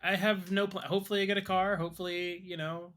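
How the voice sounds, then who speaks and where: Podcast co-host, male, bright tone, halting delivery that fades out. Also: high-pitched, little pitch movement. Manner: halting, trails off softly. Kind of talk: casual chat.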